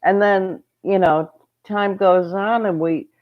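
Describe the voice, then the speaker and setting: A woman at a middling pitch tells a long story at an unhurried pace on a live stream. She rambles and keeps breaking off to greet viewers by name. The sound is dull and lo-fi. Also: steady tone. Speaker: homestead channel host. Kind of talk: casual livestream storytelling.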